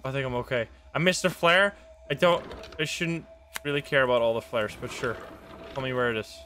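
A man streaming a horror game live, reacting jumpily with excitable, swearing commentary. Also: medium pitch, brisk, slight background noise.

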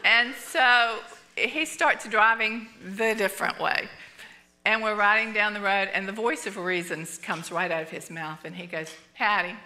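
Bright-voiced woman telling church stories. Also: mid-range voice, measured pace. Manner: animated, laughing storyteller acting out quotes. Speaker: church teacher. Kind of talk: storytelling sermon. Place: church sanctuary.

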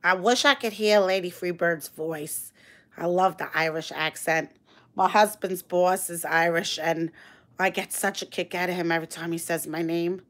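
A woman's voice: lowish voice, steady tone, normal speed, a bit bright. A middle-aged woman with a New York accent hosting a casual livestream on a phone, gushing and greeting viewers by name. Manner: gushing, reads viewer comments aloud. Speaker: livestream host.

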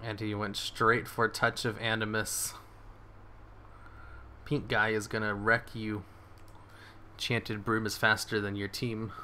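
A man giving excitable live commentary on his game, swearing and cheering his moves as he plays. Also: on the low side, slow pace, long pauses, a little hiss or hum. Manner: excitable, swears, laughs often. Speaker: gaming streamer.

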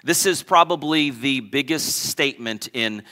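Unhurried yet bright and forceful, the pastor's medium-pitched voice trails off in long reverb across the sanctuary. He preaches emphatically, returning to key phrases and questioning the congregation.

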